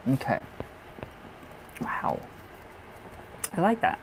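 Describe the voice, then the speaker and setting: A man's voice: mid-range voice, moderate pace, a little mellow, a little hiss or hum, poor audio. Gushing, affectionate male tarot reader. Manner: gushing and affectionate, calls viewers "my love"; chatty with frequent restarts and repeats. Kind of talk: casual livestream chat.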